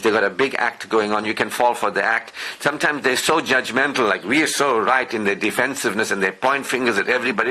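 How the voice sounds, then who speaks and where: A man's voice: medium pitch, pushed and bright, rough recording. A man giving a Friday sermon lecture, talking openly about his own past and repeating phrases for emphasis with frequent asides to listeners. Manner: emphatic, repetitive lists, conversational asides. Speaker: preacher.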